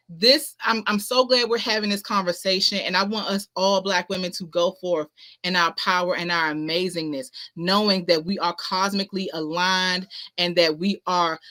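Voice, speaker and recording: Streaming indoors from home with a ring light and webcam-style setup, this spiritual talk show host speaks in a lowish, sharp-toned voice. Her casual motivational talk hammers on self-worth, full of slang and repeated lines.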